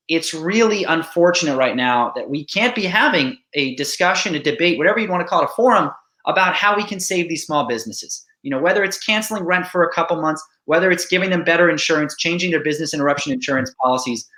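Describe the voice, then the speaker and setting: A man running for office, speaking earnestly and rapidly about policy. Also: on the high side, bright, forceful tone. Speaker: political candidate. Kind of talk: campaign remarks. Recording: echoey room.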